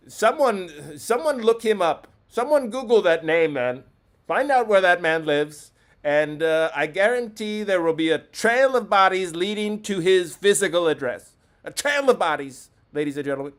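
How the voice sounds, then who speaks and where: A man's voice: on the high side, fairly bright tone. A man hosting a comedic call-in show, ranting with profane mock indignation at a caller.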